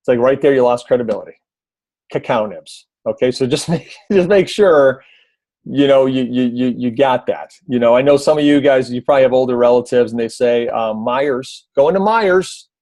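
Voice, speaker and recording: A man's voice: medium pitch, a little fast, no echo. A man giving casual video tips on a team call, conversational, with many fillers and restarts. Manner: briefly mimics a loud announcer voice. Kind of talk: casual instructional talk.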